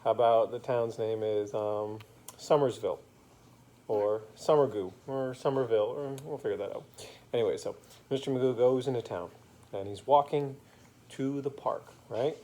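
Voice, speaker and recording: A man with a mellow, warm voice tells a bedtime story he invents as he goes. He is playful and rhyming, and stops now and then to make up details with fillers. His pitch sits in an ordinary middle range. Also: normal speed.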